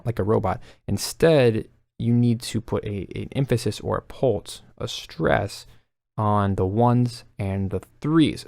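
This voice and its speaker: A man explaining melody writing techniques in a calm, instructional way, counting beats aloud. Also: lowish voice, unhurried, gravelly, no room sound. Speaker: music composition teacher.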